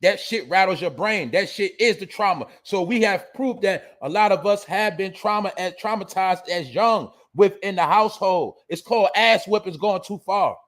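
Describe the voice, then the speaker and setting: High-voiced man ranting blunt commentary. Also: moderate pace, hardly any pauses, a bit bright. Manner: blunt, profane, preachy lecturing. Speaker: show host. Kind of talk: casual commentary monologue.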